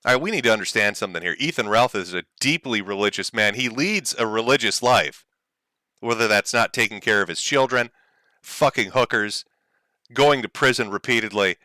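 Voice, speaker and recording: A man's voice: fairly low pitch, moderate pace, sharp tone, no room sound. A man hosting a livestream, talking to his chat with sarcastic, mocking commentary and frequent laughs. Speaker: streamer host.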